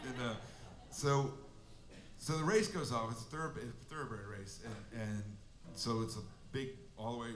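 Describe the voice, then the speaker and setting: Between songs at a live venue, a male musician rambles through a casual anecdote over a stage mic, sounding amused, his voice mid-range at normal speed. The room is echoey, with the band present.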